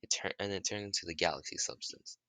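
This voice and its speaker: A man's voice: sits low, fast talker, pushed and bright, no room sound, studio quality. A man casually retelling a made-up story, rambling with restarts and the odd curse.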